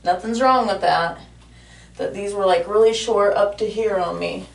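A vlogger talks to her viewers casually from her home bathroom, emotional and heartfelt. Her medium-pitched, gravelly voice keeps fairly even intonation at a normal speed, sounding a bit off-mic in the echoey room.

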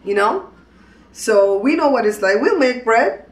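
A woman's voice: on the high side, lively intonation, unhurried, roomy sound. A woman hosting a casual home vlog, outspoken and teasing as she talks to the camera. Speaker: vlog host. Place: at home in a hallway.

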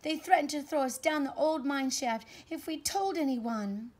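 A woman's voice: on the high side, fairly even intonation, a little fast, a little mellow, slightly rough. A woman reading aloud, voicing a frightened young girl in a children's storybook, anxious and urgent.

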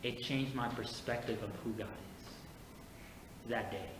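A man preaching a sermon as pastor, moving from quiet personal storytelling to emphatic preaching. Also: on the low side, unhurried. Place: church sanctuary. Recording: echoey church hall with faint noise.

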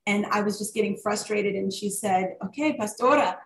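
A woman author and worship leader recounts her story in a relaxed interview. Her delivery is animated, circling back with fillers and restarts. The sound is roomy with a faint background hiss. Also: mid-range voice, normal speed, gravelly. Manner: animated, many fillers and restarts, warm testimony. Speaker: author guest. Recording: echoey room with faint noise.

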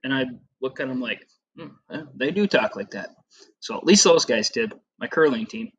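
A man's voice: medium pitch, expressive, normal speed, slight background noise. A middle-aged man teaching a casual classroom lesson over slides, chatty and rambling with lots of fillers and asides.

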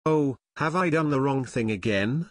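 A man's voice: lowish voice, very animated, slow, dry recording, exaggerated voice. A man voicing a fretful, caring teenage girl in an audiobook. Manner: fretful, fussing.

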